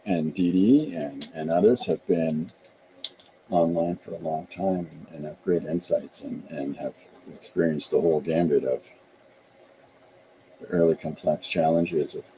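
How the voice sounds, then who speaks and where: A man's voice: very deep voice, dark tone, a little hiss or hum, poor audio. A middle-aged man from Canada, a podcast host and author, chatting casually and thinking aloud with frequent restarts.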